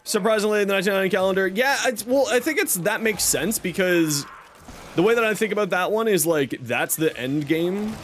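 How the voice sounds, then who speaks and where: Lively high-voiced male game streamer. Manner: chatty, upbeat, announces giveaways to chat. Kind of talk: casual live-stream chat while gaming.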